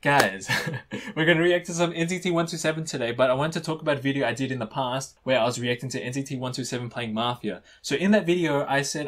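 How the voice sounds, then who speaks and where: A young man hosts a YouTube reaction channel, chatting casually to camera and teasing viewers in a mock-dramatic way. His voice is medium in pitch with a quick pace.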